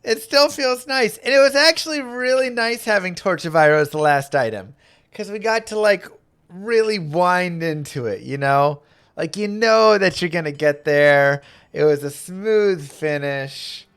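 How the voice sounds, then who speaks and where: A young man hosting a live stream, chatting excitedly about his game and thanking viewers. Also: sits high, unhurried, clean tone. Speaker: streamer and host. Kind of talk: casual live gameplay commentary.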